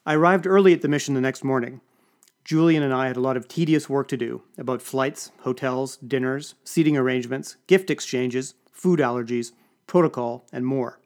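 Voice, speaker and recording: A man's voice: medium pitch, normal speed, darkish tone. A man narrating an audiobook with dry, wry storytelling. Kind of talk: scripted narration.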